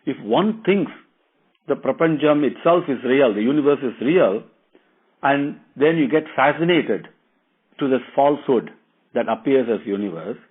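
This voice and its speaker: A man telling a devotional story earnestly, often pausing with fillers and asides. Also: mid-range voice, animated, breathy edge. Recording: tinny phone-like sound.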